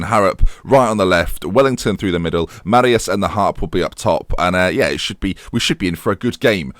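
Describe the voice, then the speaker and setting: A young man commenting on his own football management game, chatty and self-mocking, excitable when the match heats up. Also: lowish voice, dry recording, clean studio sound. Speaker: gaming YouTuber.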